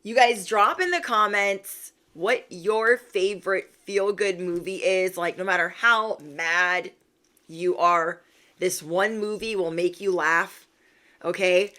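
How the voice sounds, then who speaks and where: A woman's voice: mid-range voice, takes it slowly, bright, forceful tone. Sassy woman hosting a pep-talk livestream. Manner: sassy, slangy, laughs often, addresses viewers as bestie. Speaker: spiritual reader and livestream host.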